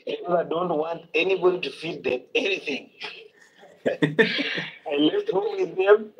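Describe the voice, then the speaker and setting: A man calling in from his car, rambling and excited, stumbling over words and laughing. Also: a little high, a little slow. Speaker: caller. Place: in a car with sleeping children. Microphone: phone call. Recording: dull phone-line sound.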